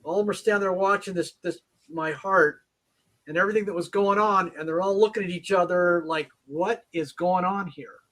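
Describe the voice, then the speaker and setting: A man's voice: sits high, fairly even intonation, brisk, a bit bright. A man, a guest on a livestream, explaining things step by step in casual chat. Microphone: livestream call.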